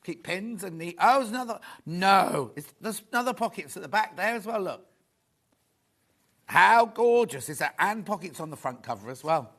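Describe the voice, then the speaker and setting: A man presenting a live shopping show in a studio, chatty and rambling with quick asides. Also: high voice, animated, a bit bright. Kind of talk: live selling chat.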